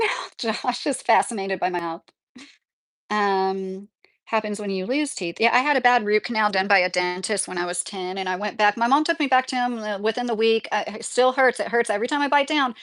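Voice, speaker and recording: A woman's voice: mid-range voice, a bit bright, no echo, studio quality. A woman from New Jersey hosting a livestream, chatting casually and reading viewer comments, rambling and laughing often. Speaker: livestream host.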